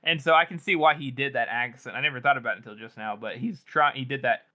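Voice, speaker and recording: A man's voice: mid-range voice, quick pace, sharp tone. A man co-hosting a book podcast, talking in a rambling, hesitant way with lots of fillers. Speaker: podcast co-host. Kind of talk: casual book discussion.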